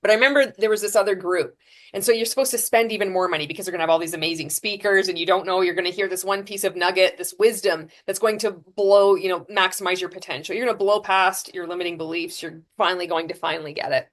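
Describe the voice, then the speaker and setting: A woman guest on a podcast, telling her story frankly, with lively restarts and fillers. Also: fairly low pitch, fast talker. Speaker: podcast guest, former MLM seller. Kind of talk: candid storytelling interview.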